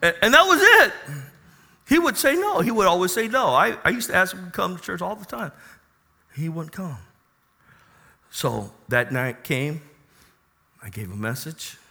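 A man preaching a sermon as a pastor, telling a personal story with passion and loud emphatic bursts. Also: sits high, sing-song, moderate pace, gravelly, long pauses.

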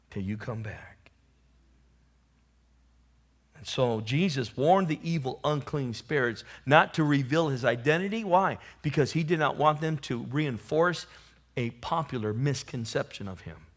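Expressive and measured in pace, a preacher delivers a sermon with long pauses. His voice swells to loud, emphatic highs, then falls low, and he calls on the congregation to respond.

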